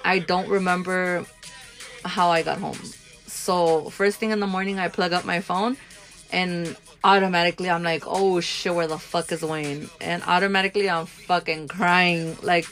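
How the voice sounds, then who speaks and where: A young woman co-hosting a podcast, telling a story in casual chat with animated, frank, profane talk. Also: lowish voice, normal speed, faint music behind. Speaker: podcast co-host.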